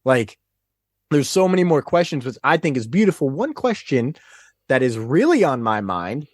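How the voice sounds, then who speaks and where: A man guest on a podcast, chatting casually and retelling scenes in an excitable, animated way. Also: mid-range voice, normal speed, no room sound, clean studio sound. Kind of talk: casual chat.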